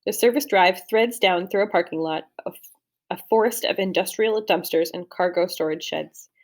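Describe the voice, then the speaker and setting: A young adult woman narrating a first-person novel as an audiobook reader, in a steady storytelling read with the odd slip and restart. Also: fairly low pitch, normal speed.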